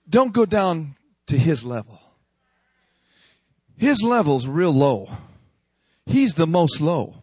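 Male preacher, high voice, unhurried emphatic sermon, dry close sound. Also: dry recording. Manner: emphatic, call-and-response preaching.

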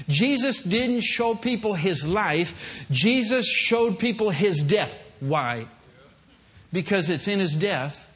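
High-voiced man preaching a sermon. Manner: animated, acts out little scenes. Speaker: guest preacher. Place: church.

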